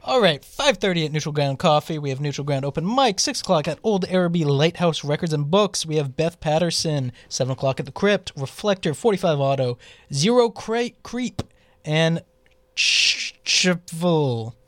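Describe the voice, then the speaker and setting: A man's voice: on the high side, lively intonation, normal speed, no room sound. Give me a man reading a radio events list with a dry, close sound, tripping over names and cracking jokes. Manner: rambling, stumbles over names, joking asides. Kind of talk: casual radio chat.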